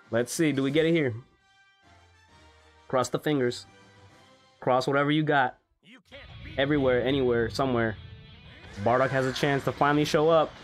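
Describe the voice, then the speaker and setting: A young man giving casual, excitable commentary on a mobile game, swearing freely and laughing often. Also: medium pitch, normal speed, long pauses, faint music behind. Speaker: gaming YouTuber.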